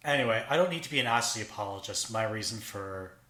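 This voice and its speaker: A man with a Canadian accent, hosting a casual podcast chat and trailing off into quiet asides. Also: on the low side, expressive, fast, echoey room.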